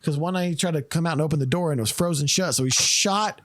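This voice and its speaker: A man's voice: fairly high pitch, fast, a little hiss or hum. A man hosting a podcast, telling stories in casual chat, swearing and laughing often. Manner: animated, profane storyteller who laughs often. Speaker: podcast host.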